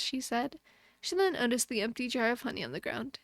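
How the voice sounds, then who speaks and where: A young woman reads a bedtime story in a gentle put-on motherly voice. Her voice sits a little high, and the sound is dry and close with no room around it. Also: normal speed, gravelly, no room sound. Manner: chatty and thankful toward her viewers. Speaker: streamer. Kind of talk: reading a bedtime story aloud.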